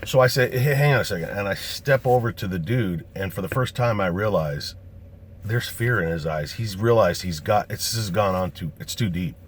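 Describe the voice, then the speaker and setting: A man casually recounts something that really happened to him, cursing nonstop and lively as he acts out what others said. His voice sits low, he speaks at a normal speed, and there's slight background noise.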